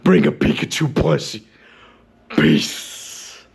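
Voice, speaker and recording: Gravelly man telling a dramatic story. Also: a little high, sing-song, slow pace, a little hiss or hum. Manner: dramatic, exaggerated, bursts into shouting. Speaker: storyteller and channel host. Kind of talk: comedic storytime monologue.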